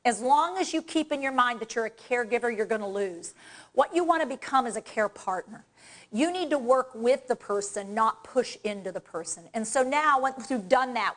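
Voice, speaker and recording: A woman trainer speaks at a live workshop, direct and energetic as she coaches the audience through exercises. Her voice sits fairly high, and she talks to the room from the front of a presentation space. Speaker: dementia care trainer.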